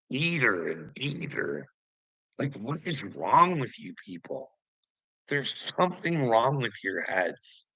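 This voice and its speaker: Gravelly man ranting with scorn. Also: mid-range voice, bright, forceful tone, no room sound, rough recording. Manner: angry, scornful, swears constantly. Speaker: online commentator. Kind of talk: profane ranting monologue.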